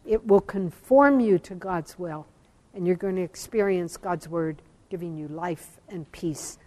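A religious sister giving an earnest spiritual talk, telling a story with slow, emphatic phrases. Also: female voice, fairly low pitch, warm tone, big-room sound. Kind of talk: sermon-style talk on scripture.

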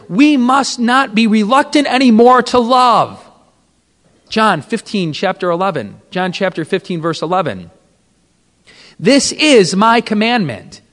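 A Catholic priest preaching to a gathering of men, impassioned, with dramatic swings in pitch and volume. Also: male voice, fairly bright tone, long reverb tail. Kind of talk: sermon at a men's retreat.

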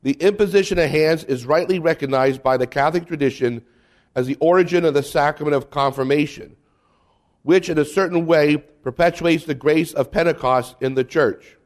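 Man teaching catechism, animated and humorous. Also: normal speed. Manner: humorous, mimics bishops and kids, drops voice low for asides. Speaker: Catholic priest teaching. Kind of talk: catechism talk with reading aloud.

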